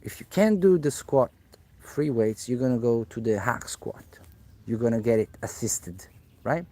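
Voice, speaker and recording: A man speaking at a middle pitch, coaching viewers in a live stream Q&A. He answers questions directly in the way a personal trainer does and hammers his key points home by repeating them. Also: unhurried, dark tone.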